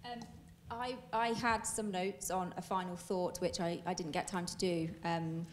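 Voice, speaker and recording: A woman's voice: lowish voice, level tone, a little slow, a little hiss or hum. Thoughtful, hesitant woman panelist. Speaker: panelist, human rights expert. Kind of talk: panel discussion answer.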